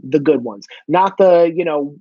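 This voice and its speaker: A man's voice: a little high, measured pace, no echo, lo-fi sound. A man vlogging in a casual monologue, ranting with lots of swearing. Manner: profane, animated ranting.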